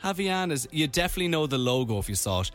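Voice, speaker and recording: A man's voice: fairly high pitch, big pitch swings, rapid-fire, a bit bright, soft background music. A man from Ireland co-hosting a radio show, chatting casually and reading out items with playful commentary. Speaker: radio host.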